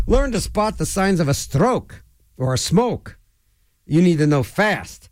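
A man hosts a local radio show, wandering from one tangent to the next. His slightly high voice swoops up and down with lively energy as he rambles. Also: measured pace. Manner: rambling, digressive, animated storyteller. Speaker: radio host. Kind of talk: rambling casual radio talk.

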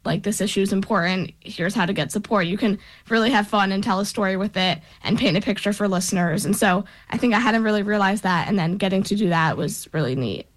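A woman's voice: mid-range voice, fast talker, hardly any pauses. A young woman, a radio intern, answering interview questions in a chatty way with many filler words.

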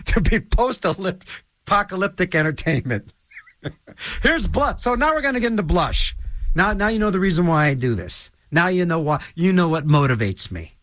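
A man's voice: high voice, a bit bright, no echo, clean studio sound. A man hosting his own show in a rambling solo monologue, full of restarts and stammers.

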